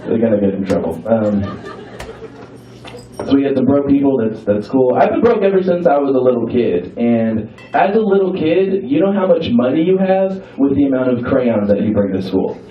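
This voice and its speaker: A man's voice: mid-range voice, expressive, moderate pace, distant mic. A young man doing a stand-up comedy set in a club, playful and teasing with the crowd, swearing freely. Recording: roomy club sound from afar, dull. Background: audience laughter.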